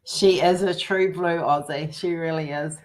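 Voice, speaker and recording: A woman's voice: low-pitched, steady tone, measured pace, a little mellow. A woman from New Zealand with a New Zealand accent, chatting casually on a livestream, rambling and laughing often. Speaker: livestream host. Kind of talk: casual chat.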